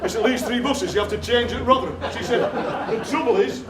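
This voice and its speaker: Extremely high-pitched and fast, a man performing as a poet onstage recounts comic anecdotes in a deadpan manner and acts out others' dialogue. The recording is roomy and distant, with heavy background noise and laughter from the theatre audience.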